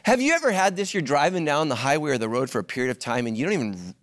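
A middle-aged male pastor preaching a sermon, swinging from loud, high-pitched joking to a hushed, earnest tone. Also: very fast. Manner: animated, jokes in a loud, high voice, then drops to a hushed, earnest tone.

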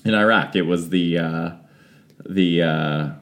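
A man's voice: deep voice, slow, fairly bright tone. A man in his forties, a podcast co-host in casual chat who rambles and swears freely. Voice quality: profane, rambling.

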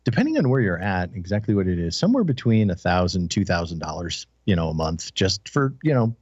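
A man's voice: low-pitched, big pitch swings, a little fast, a little mellow, slightly rough, no echo. A man talking on a casual talk show in a dry, sarcastic way, hesitant with many fillers. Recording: dry, muffled lo-fi sound.

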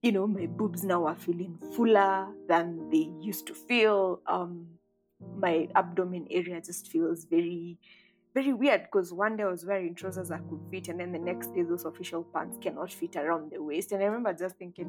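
A woman in her thirties, appearing as a podcast guest, reflects candidly on her life in a conversational way, using lots of fillers. Her voice is fairly low and a little slow, and the low-quality recording has guitar music underneath.

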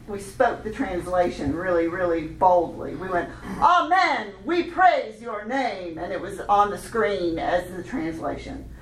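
A woman's voice: mid-range voice, a little hiss or hum. A woman leading a children's music workshop for adults, chatty and upbeat, laughing often. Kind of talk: teaching a hands-on workshop. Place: meeting room at a conference session. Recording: roomy hall recorded from a distance. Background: group echoing chants.

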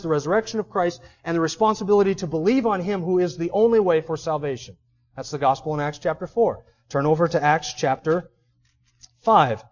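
A male preacher with a high-pitched voice delivers an expository sermon, reading scripture passages aloud and then commenting on them. He talks emphatically, driving home each point. The recording sounds dull and lo-fi.

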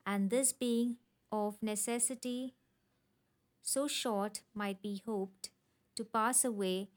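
Audiobook narrator, woman, slow deliberate reading of a period novel. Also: fairly high pitch. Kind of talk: scripted narration of a classic novel.

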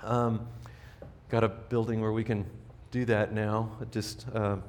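A man's voice: fairly low pitch, flat delivery, slow, a little mellow, slight background noise. A middle-aged man preaching a sermon in a church, earnest and conversational, often restarting his sentences as he speaks to the congregation. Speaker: pastor. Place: church sanctuary.

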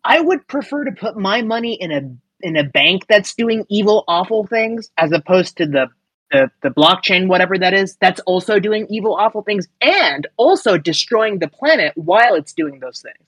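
A man's voice: high voice, big pitch swings, normal speed, fairly bright tone, husky, no echo, poor audio. A man co-hosting a casual podcast, musing in a hesitant, wry way with many restarts. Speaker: podcast co-host.

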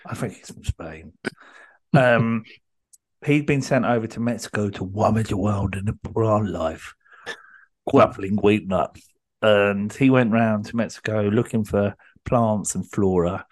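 A man's voice: fairly low pitch, measured pace. A man hosting a podcast, telling a story in a rambling way with many ums and restarts. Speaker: podcast host. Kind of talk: casual podcast chat.

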